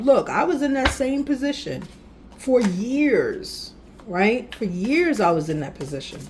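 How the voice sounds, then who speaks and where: A woman giving a casual tarot reading, animated and speaking directly to the viewer with frequent affirmations. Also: on the high side, a little slow, slight background noise. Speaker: tarot reader.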